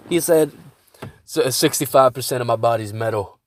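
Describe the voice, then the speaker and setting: A man's voice: mid-range voice, animated, normal speed, no echo. A man hosting his own podcast, venting in a casual monologue with a lot of swearing and stumbling restarts. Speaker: podcast host.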